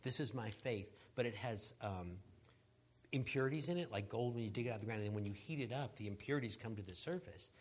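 A man, a pastor, sharing a personal testimony on a panel in an earnest, halting way, restarting his sentences and laughing at himself as he goes. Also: fairly low pitch, husky. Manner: laughs at himself while telling the story.

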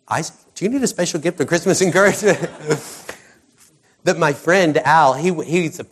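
Animated American man preaching. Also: a little high. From United States. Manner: animated storyteller who voices characters. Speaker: pastor. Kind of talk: conversational sermon with storytelling.

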